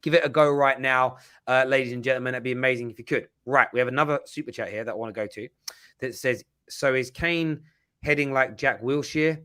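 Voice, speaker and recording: Bright-voiced guy hosting a footy stream, chatty, trips over his words a lot. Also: mid-range voice, fairly even intonation, fairly quick, clear, resonant tone. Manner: chatty, stumbles and repeats words. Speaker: host of a football live stream. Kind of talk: casual live stream chat.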